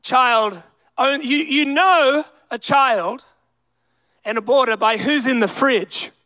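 High-voiced young preacher, dry sound. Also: male voice, slow, pushed and bright, no echo. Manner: emphatic preaching with crowd call-outs. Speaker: pastor. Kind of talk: sermon.

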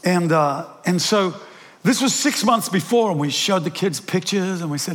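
An older pastor with a New Zealand accent preaches a sermon in a large, echoing hall, his high-pitched voice animated and moving at a moderate pace. He tells stories full of restarts and self-deprecating asides.

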